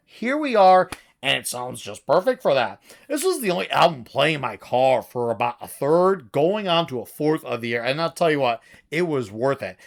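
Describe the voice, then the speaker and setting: A man talks through his favorite metal albums of the year in a loose, casual vlog. He gushes and bursts out with excitement, throwing in casual swearing. His pitch swings widely and keeps his delivery lively. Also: vocal fry.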